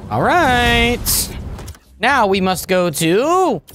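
Excitable high-voiced male gamer. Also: extremely slow, a little hiss or hum. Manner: excitable, jokey, loud outbursts. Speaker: gaming channel host. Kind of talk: gameplay reaction commentary.

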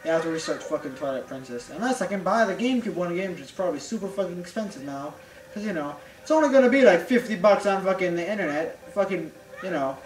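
A young adult gamer chats casually while playing, talking fast in a mid-range voice over soft background music. His let's-play banter is profane and animated, full of mock voices. The mic sits at a distance in an echoey room.

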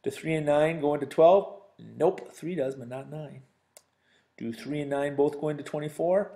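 A man teaching math in a recorded lesson, speaking directly to his students. His voice sits a little high and has a gravelly edge. He keeps things chatty and slips in jokes between worked examples. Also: moderate pace, dark tone.

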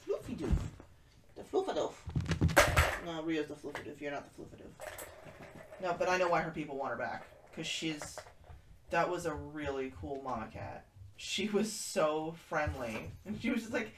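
A chatty woman with a low voice hosts a casual livestream from a kitten room, answering viewers as they type. She sounds some way from the mic in an echoey room, with clear noise behind her. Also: expressive, normal speed, recorded from a distance. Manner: chatty, reads and answers chat aloud.

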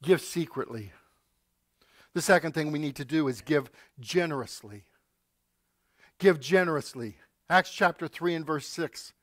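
A man's voice: a little high, fairly bright tone, no echo, studio quality. A male pastor preaching a sermon, telling stories and acting out quotes with asides to the congregation.

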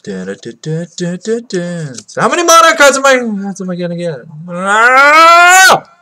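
A card-unboxing vlogger gives crude, excitable commentary into a cheap computer mic that cuts out. He swings from loud yelps to low mumbling, joking at his own expense, and keeps an unhurried pace.

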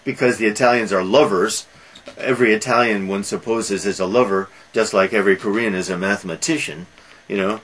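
A man lecturing about a film, talking haltingly with frequent restarts and fillers. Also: fairly low pitch, fairly even intonation, fairly bright tone, rough recording.

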